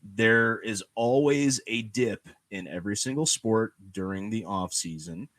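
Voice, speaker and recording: A man hosting a podcast, talking in an animated, ranting way and leaning on "you know" and "guess what". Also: lowish voice, unhurried, no echo. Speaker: podcast host. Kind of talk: casual chat.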